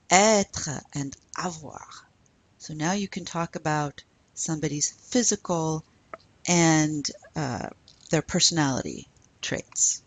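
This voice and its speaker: A woman teaching a French lesson, patiently asking questions and then modeling the answers. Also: sits low. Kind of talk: recorded classroom lesson.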